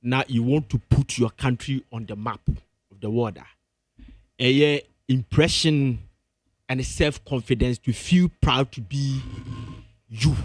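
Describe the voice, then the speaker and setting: A man's voice: mid-range voice, a little slow, dry recording. A man with a Ghanaian accent, a music pundit on a radio entertainment show. He argues emphatically and insistently, repeating himself to hold the floor. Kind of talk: heated entertainment-show debate. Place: radio studio.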